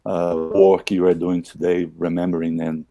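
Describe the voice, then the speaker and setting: A man's voice: low voice, flat delivery, normal speed, warm tone. A man from Brazil, a guest speaking politely and evenly over a video call.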